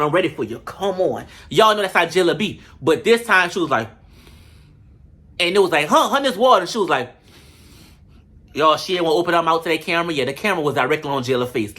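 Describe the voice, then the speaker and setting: A man giving a casual, comedic recap of a reality show, animated and profane with a sassy edge. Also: on the high side.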